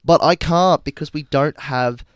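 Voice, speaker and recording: A young man co-hosting a podcast, joking in animated casual banter. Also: a little high, a little slow, no room sound, clean studio sound. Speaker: podcast co-host. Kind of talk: casual chat.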